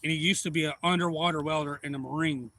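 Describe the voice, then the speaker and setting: A man, rambling through excitable anecdotes on a casual live stream. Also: fairly high pitch, quick pace, a little hiss or hum. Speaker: livestream host. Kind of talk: casual storytelling.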